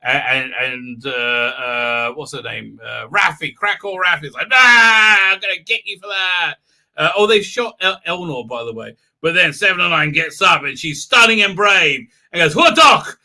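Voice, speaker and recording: Animated man, bright high voice. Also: moderate pace, few pauses. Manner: animated, mocking, acts out scenes with silly voices and sound effects; many hesitation fillers. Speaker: live stream host. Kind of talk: comic recap of a TV episode on a live stream.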